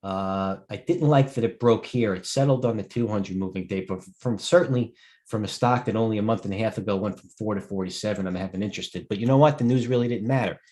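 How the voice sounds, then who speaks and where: Tired middle-aged guy, lowish voice, rambling live stock market talk, keeps breaking off for chat questions. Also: quick pace, warm tone. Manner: rambling, digressive, stops to answer chat questions. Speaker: host and stock broker.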